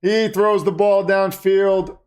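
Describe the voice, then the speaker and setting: A man hosting a live stream reacts to a football game at a moderate pace, his voice a little high. He's chatty, reading viewer comments aloud, calling plays as they happen and straying off-topic.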